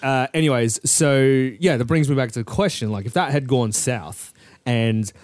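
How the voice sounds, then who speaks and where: A man's voice: mid-range voice, normal speed, no echo. A young man, co-hosting a podcast in a rambling, laid-back way. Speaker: podcast co-host. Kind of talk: casual chat.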